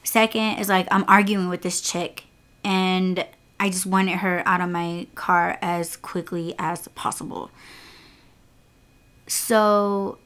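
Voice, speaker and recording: A woman's voice: on the low side, flat delivery, slow, fairly bright tone, clear, resonant tone. A young woman hosting a podcast, casually telling a frustrating rideshare story in a candid, exasperated way, swearing freely. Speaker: podcast host and rideshare driver.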